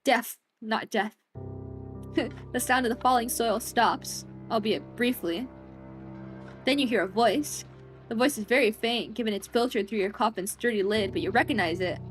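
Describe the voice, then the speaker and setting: A woman's voice: a little high, moderate pace, soft background music. A woman streamer reading a horror visual novel aloud in a dramatic voice, breaking off into scared, jokey reactions.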